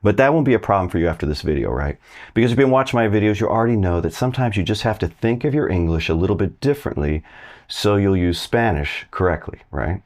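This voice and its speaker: Low-voiced casual male language teacher. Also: lively intonation, fast talker, darkish tone. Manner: friendly, chatty, asks viewers to try translating. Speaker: Spanish teacher. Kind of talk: casual online language lesson.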